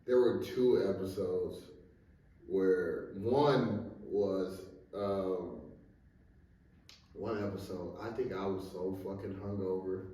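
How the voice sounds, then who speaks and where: A man's voice: sits low, fairly even intonation, takes it slowly, warm tone. A young man co-hosting a podcast, talking in a laid-back, slangy, profane way. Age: young adult. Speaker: podcast co-host. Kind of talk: casual chat. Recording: roomy, distant mic.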